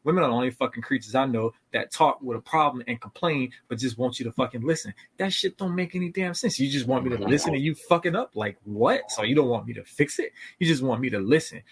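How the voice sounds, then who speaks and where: A man's voice: medium pitch, lively intonation, fast, hardly any pauses, slight background noise. A man co-hosting a casual comedic podcast, ranting bluntly with lots of profanity. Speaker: podcast co-host.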